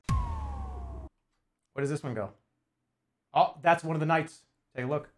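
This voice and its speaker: Lively, animated male streamer. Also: a little high, slow pace, slightly rough. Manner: animated, joking, swears freely, argues with chat; mutters while working on a jigsaw puzzle. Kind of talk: casual live-stream chat with viewers.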